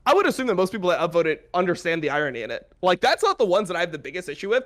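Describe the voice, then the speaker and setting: A young man with a fairly high voice hosts a casual podcast. He talks in blunt, profane, exasperated rants. His delivery is loose and conversational. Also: sing-song, rapid-fire, hardly any pauses, a bit bright. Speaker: podcast host.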